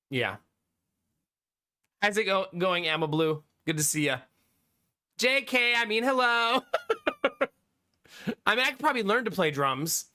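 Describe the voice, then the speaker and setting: A man's voice: a little high, bright, forceful tone. A man in his thirties chatting casually on a live stream, laughing often and answering chat.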